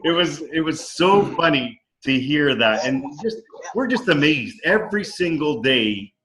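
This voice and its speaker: A man's voice: a little high, lively intonation, measured pace, fairly bright tone, rough recording. A man in casual storytelling on a video call from his dining room, enthusiastic and acting out quoted dialogue. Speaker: company co-founder. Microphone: video call microphone.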